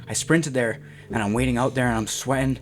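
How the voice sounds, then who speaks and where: A young man tells his story in a slangy, animated way, as a boxer being interviewed. His voice sits in an ordinary middle pitch. A faint hum of noise runs underneath. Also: brisk. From Canada. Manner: slangy and animated, says "bro" often.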